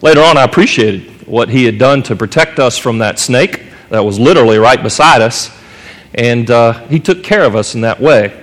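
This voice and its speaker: A pastor from North Carolina preaching a sermon, telling a story earnestly and rising in pitch at the dramatic moments. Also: male voice, animated, normal speed, fairly bright tone. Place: church sanctuary. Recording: long reverb of a church hall.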